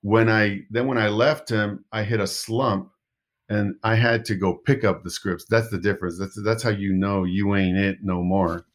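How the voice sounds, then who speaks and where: A man's voice: fairly low pitch, steady tone, normal speed. A middle-aged man, an actor, telling rambling anecdotes in a casual interview, often restarting his sentences. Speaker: actor guest.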